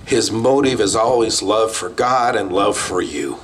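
Man, pastor, sermon, slightly low voice, faint background ambience. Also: animated, a little slow, background noise. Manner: plain, conversational preaching with bursts of emphasis. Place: outdoor drive-in church service.

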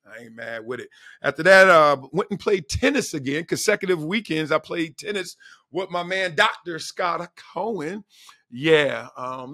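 A middle-aged male host talks in a loose, slangy way, laughing often as he tells his stories. His voice is hoarse, gravelly and tense with brightness. The sound is dry and close, with no room around it. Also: on the high side, no room sound. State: hoarse from yelling. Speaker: show host. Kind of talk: casual solo vlog chat.

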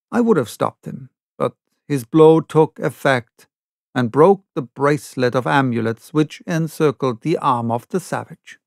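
A man narrating an unabridged classic novel in a slow, measured reading. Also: medium pitch, creaky, smooth, dry recording, studio quality. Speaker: audiobook narrator.

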